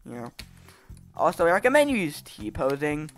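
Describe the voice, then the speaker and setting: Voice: medium pitch, sing-song, normal speed, soft background music. A gaming channel host giving gameplay commentary, frustrated and swearing, with raging outbursts.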